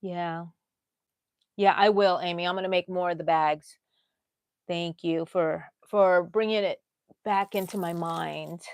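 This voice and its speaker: A woman's voice: on the low side, steady tone, a little slow, long pauses, no echo. A middle-aged woman, hosting a casual crochet livestream, rambling and chatting with viewers as she works.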